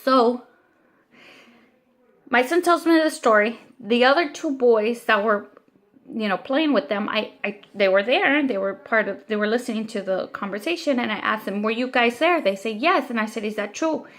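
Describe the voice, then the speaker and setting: A woman in her thirties telling a long story about her son, retelling what people said in an animated, upset way with many restarts. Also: on the high side, moderate pace. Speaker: vlogger, mother. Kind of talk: casual storytelling vent.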